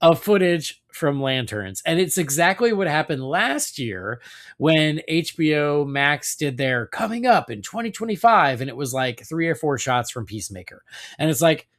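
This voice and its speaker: A man's voice: on the high side, big pitch swings, moderate pace, fairly bright tone. A man hosting a casual podcast chat, talking loosely with lots of fillers and hedges. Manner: chatty, hedging with many fillers.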